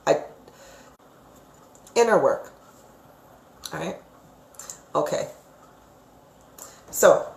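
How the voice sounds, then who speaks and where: A woman with a lowish voice gives live psychic readings to her viewers, calling each of them sweetheart. She rambles in a chatty way, full of fillers and restarts. The sound rings around an echoey room. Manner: affectionate, calls viewers sweetheart. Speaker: psychic reader.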